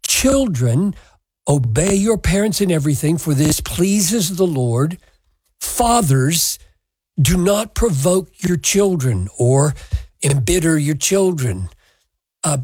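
A man preaching a sermon, expounding scripture in a measured, emphatic way. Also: on the high side, lively intonation, darkish tone, slightly rough, dry recording, low-quality recording. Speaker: pastor.

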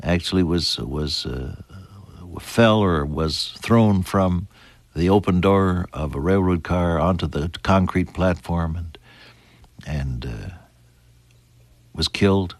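A man with a fairly low voice delivers a heartfelt sermon. His delivery climbs sharply on emphatic phrases, then falls back soft and tender. The sound is close and dry. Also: slow, dry recording. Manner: earnest, swells high on emphasis then drops soft. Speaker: preacher.

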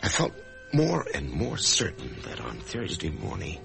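An anxious doomed office man, super low gravelly voice that swings way up and down, old radio play with music behind. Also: huge pitch swings, a little slow, exaggerated voice. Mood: brooding. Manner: hesitant, stammering. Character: anxious male office worker facing death. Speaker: narrator and lead character. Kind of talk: 1950s radio drama acting.

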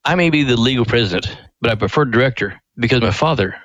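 A man's voice: mid-range voice, expressive, fast talker, a bit bright, no echo, highs cut off. A man being interviewed as a ministry director on a radio show, telling a family story in a folksy, earnest way.

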